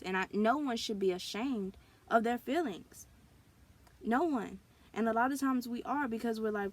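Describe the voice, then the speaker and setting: A woman vlogger speaking in an earnest, confessional way, sharing personal experiences in a casual talk to camera. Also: fairly high pitch. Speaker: spiritual wellness vlogger. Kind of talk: candid personal vlog talk.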